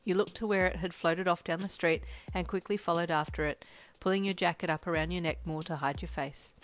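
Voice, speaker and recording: A woman narrates a romance story in the second person, speaking softly and quietly. Her voice sits a little low, with an even, gentle pace. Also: fairly quick. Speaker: fanfiction reader.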